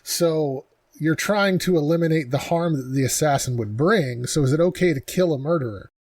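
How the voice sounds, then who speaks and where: A man's voice: a little high, normal speed, a little mellow, no room sound. A man hosting a podcast, thinking aloud about the moral questions a video game raises. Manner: thoughtful, poses moral questions. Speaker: podcast host. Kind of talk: casual game discussion.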